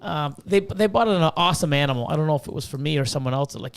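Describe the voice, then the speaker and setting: A man's voice: a little high, fairly quick, vocal fry, smooth. A man hosting a casual podcast chat, joking and laughing, rambling with fillers. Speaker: podcast host.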